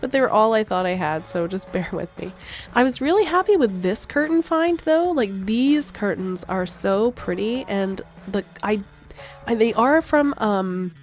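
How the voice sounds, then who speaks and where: A young woman chatting casually over gameplay footage, rambling, trailing off and laughing often as she talks through what she made. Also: mid-range voice. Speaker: gaming vlogger.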